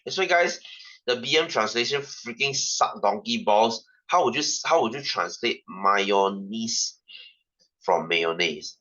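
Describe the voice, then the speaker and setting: A male science tutor with a Singaporean English accent, teaching a class. His voice is low-pitched yet bright and forceful, and he keeps repeating points and asking rhetorical questions. The sound is somewhat dull and lo-fi. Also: lively intonation, a little slow. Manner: repetitive, rhetorical questions, ranting asides.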